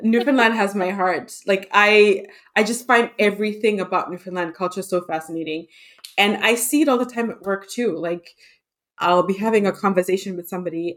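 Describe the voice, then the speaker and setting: A woman hosting a podcast, talking in a chatty, expressive way with frequent fillers. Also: mid-range voice. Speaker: podcast host. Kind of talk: casual conversation.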